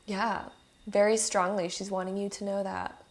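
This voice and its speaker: A woman's voice: mid-range voice, little pitch movement, normal speed. A woman talks her viewers through a tarot card reading. She is earnest and openly emotional. Her delivery is chatty and loose, full of "like" fillers. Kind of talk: intuitive pick-a-card reading to camera.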